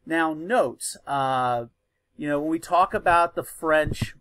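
A man's voice: fairly high pitch, takes it slowly, a bit bright. A male history teacher lecturing in a loose, conversational way, with many fillers and restarts.

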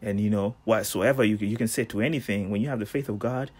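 A man hosting a daily devotional, preaching in a casual, animated way with slangy asides. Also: on the low side, quick pace, husky. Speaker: devotional host.

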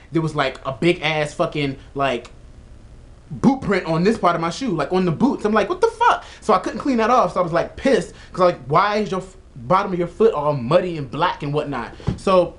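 A young man rants straight to his camera in a loose, profane vlog. His voice sits a little high, and he keeps tripping over filler words as he tells the story. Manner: profane, animated storytelling with lots of "like". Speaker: vlogger. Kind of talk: casual vlog rant.

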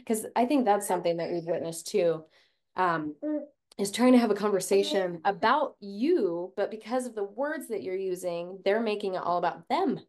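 A woman hosting a podcast interview, affirming her guest and adding her own thoughts conversationally. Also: medium pitch. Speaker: podcast host.

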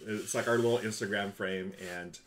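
A man's voice: on the low side, steady tone, fairly quick, a little hiss or hum. Upbeat man hosting a home stream. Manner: upbeat, thanks viewers by name. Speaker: live-stream host. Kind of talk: casual live-stream chat.

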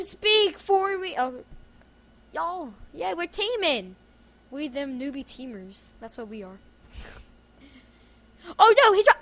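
A high-pitched woman with a bright, sharp tone, commentating her own gameplay in a loose, joking way. She keeps up a running stream of self-talk and bursts into yells and laughter as the action swings. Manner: excitable, yelling and laughing at the game. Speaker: gaming YouTuber.

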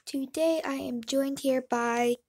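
A woman's voice: high-pitched, steady tone, a little mellow, a little hiss or hum. A woman hosting a casual reaction video, chatting with her viewers and her cousin. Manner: chatty, slow-paced, addressing viewers. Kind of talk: casual chat.

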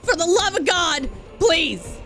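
A woman streamer with a very high-pitched, somewhat bright voice talks slowly but animatedly to her chat while playing a game. Her commentary is chatty and expressive, swinging between gushing and grumbling as game music plays behind her.

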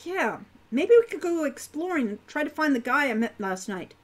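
Woman doing a curious teen adventurer girl, casual, eager, highish lively voice. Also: normal speed.

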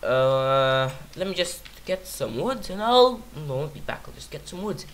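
A man's voice: medium pitch, lively intonation, normal speed, a bit bright. A man giving casual let's-play commentary on his own game, rambling and silly, talking to himself and singing nonsense syllables. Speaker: gaming YouTuber.

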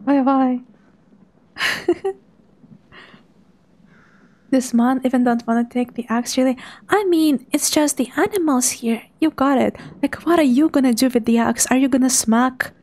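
A young woman, quietly commentating a live game stream in a hushed, soft voice. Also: high voice, normal speed. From Russia. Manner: hushed, softly spoken to avoid making noise.

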